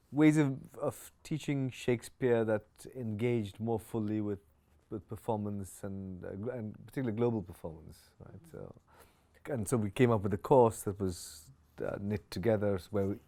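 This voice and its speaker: Halting male professor in an interview. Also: on the low side. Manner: halting, many restarts and fillers. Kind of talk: interview answer.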